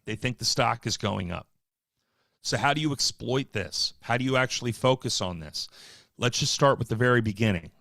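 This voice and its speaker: A man hosting a live stock market show, talking casually with wry, offhand asides and quick bursts. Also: mid-range voice, animated, gravelly, fairly bright tone, dry recording, studio quality. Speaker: market livestream host.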